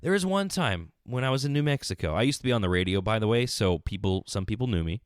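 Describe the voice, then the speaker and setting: Brief: male podcaster ranting solo, lively swinging pitch, dry close closet sound. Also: quick pace, clean tone, no room sound. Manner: animated, exasperated storytelling. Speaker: podcast host. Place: small closet.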